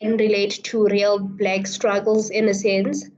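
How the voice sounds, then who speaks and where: A woman student answering in an online class, talking quickly and checking whether she is making sense. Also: medium pitch, level tone, a little mellow, a little hiss or hum. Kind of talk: class discussion. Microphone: video call. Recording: muffled lo-fi audio.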